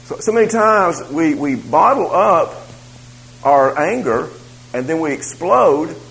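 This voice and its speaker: A man's voice: a little high, animated, slow pace, creaky, a bit bright, low-quality recording. A man teaching a church Bible class about raising children. He talks conversationally, repeats his phrases and makes asides to the room.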